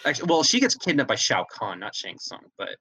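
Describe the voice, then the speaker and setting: A man hosts a relaxed podcast chat, circling back and correcting himself as he goes. His voice is bright and forward. It sounds dry and close, with no room around it. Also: medium pitch, a little fast, husky, no echo. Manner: rambling, self-correcting. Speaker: podcast host. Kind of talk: casual chat.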